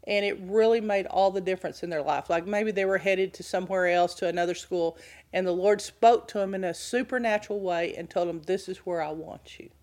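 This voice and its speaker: A woman's voice: on the low side, brisk, darkish tone. Woman teaching a casual Bible class. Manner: conversational, asks the audience questions.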